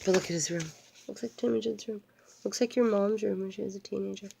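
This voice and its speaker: An older woman reads a picture book to her grandchild, stopping often for playful, rambling asides. Her voice sits at a middling pitch for a woman, and her tone is homey and unpolished. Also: quick pace, vocal fry, darkish tone, a little hiss or hum. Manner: playful, digressive, talks straight to a grandchild. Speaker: grandmother reading aloud. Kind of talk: storybook reading with chatty asides.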